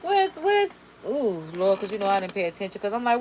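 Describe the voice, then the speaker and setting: A woman in a casual beauty vlog talks through her makeup as she goes. Her voice sits in a middle pitch and stays animated and slangy, stacking repeated words for emphasis. Faint ambient noise hums behind her. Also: a little fast, poor audio. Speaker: beauty vlogger. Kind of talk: casual chat while doing makeup.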